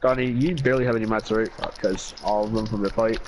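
A man streaming a video game and chatting casually with friends, swearing and trash-talking excitably. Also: on the low side, fast talker, a little hiss or hum, rough recording. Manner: profane, excitable trash talk. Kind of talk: casual gaming chat.

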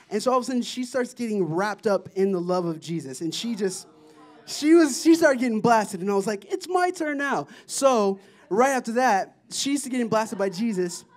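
A man sharing mission trip testimonies at a church, telling the stories in an excited, animated way, often laughing. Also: high-pitched. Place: church service.

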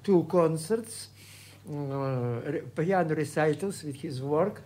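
A man in his eighties from Russia, speaking English with a Russian accent, recalling his past at home in a halting way full of hesitations. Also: on the high side, darkish tone. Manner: halting, many hesitations and restarts. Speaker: composer being interviewed. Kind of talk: reminiscing interview.

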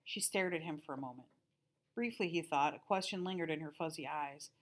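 Woman teacher reading a book aloud, lowish voice, calm and steady. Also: a little fast.

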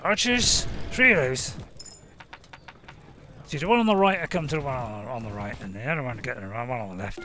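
A man's voice: medium pitch, lively intonation, fast talker, long pauses, sharp tone. A man giving casual, jokey commentary on his own gameplay, talking to himself and cheering on his units. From Britain. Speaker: gaming video host. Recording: game music behind the voice. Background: game music.

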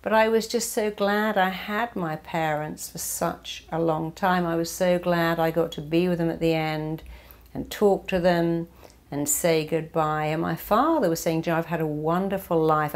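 A middle-aged woman giving a motivational talk, who acts out the voice of the mind in lively quoted asides. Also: fairly low pitch, a little slow, gravelly. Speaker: motivational speaker. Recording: long hall reverb.

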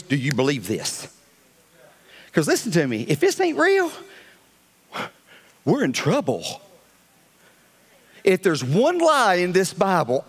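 A man preaching a fiery sermon as pastor, swinging between loud calls and hushed asides. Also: high voice.

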